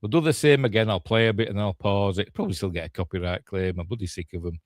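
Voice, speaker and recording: A man's voice: on the low side, fast talker, no room sound. An older man with a Yorkshire accent, chatting casually as a podcast host reacting to a film trailer, grumbling and mocking himself.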